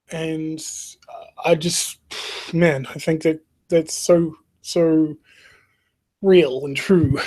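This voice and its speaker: A man hosting a podcast, talking through a reflective monologue in an earnest, halting way, with frequent restarts and soft laughs. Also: a little high. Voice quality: emotional, earnest. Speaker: podcast host.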